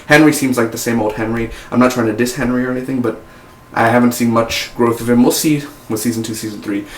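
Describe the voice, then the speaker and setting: A man's voice: medium pitch, fairly even intonation, fast talker, a little hiss or hum. A man reviewing a television series in a casual, rambling way, often saying "man". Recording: echoey room.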